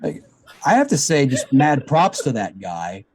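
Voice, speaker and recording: A man's voice: mid-range voice, sing-song, unhurried, noisy background. A man hosting a satirical news show, reading scripted setups and adding jokey asides. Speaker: show host.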